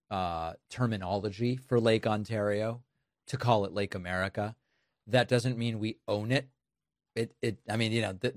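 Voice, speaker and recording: A man's voice: fairly low pitch, no room sound, studio quality. A man giving sarcastic political commentary on news clips, mocking what he plays.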